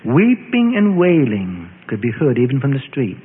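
A man reading a scripture story aloud in an expressive, dramatic storytelling way. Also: medium pitch, moderate pace, a little hiss or hum. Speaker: narrator. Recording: tinny, echoey lo-fi radio audio.

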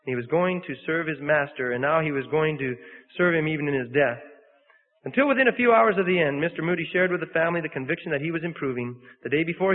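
Male preacher, earnest reader, high voice, tinny phone-like sound with a long hall echo. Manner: earnest, with self-corrections and repeats. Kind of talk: sermon reading an account aloud.

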